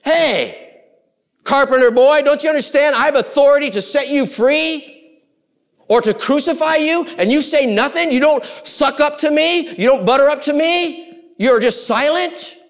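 A man voicing a scornful Roman governor who taunts a silent prisoner in a loud, high, mocking voice. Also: normal speed, big-room sound.

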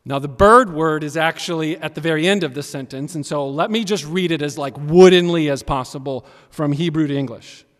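A man preaching a sermon as pastor, animated and emphatic, swinging between loud and quiet. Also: fairly high pitch, brisk, hardly any pauses. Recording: long reverb of a large hall.

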